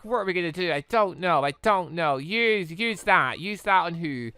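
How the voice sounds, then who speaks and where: A man's voice: high-pitched, very animated, normal speed, bright, forceful tone, clean tone, no room sound. A man giving exasperated let's-play commentary, swearing often and talking back to the game. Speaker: gaming YouTuber.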